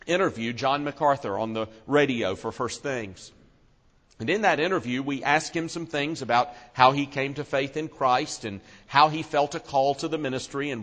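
A man preaching an expository sermon, earnest and slowing down for solemn emphasis. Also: a bit bright. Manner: earnest, slows and drops low for solemn emphasis. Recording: long reverb of a large hall.

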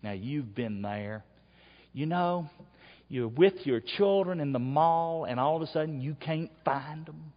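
Pastor preaching: slow and very expressive, a little husky, dull long-reverb church recording. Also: male voice, a little high. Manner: preaching that swings from quiet asides to loud shouts. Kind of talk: sermon. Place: church sanctuary. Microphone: wearable mic.

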